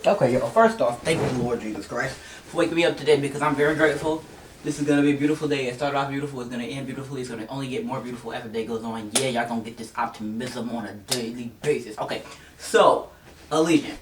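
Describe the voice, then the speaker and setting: A book vlogger chatting casually and excitably, gushing and quick to laugh. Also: mid-range voice, noisy background. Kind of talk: casual chat. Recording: roomy, distant mic, faint music.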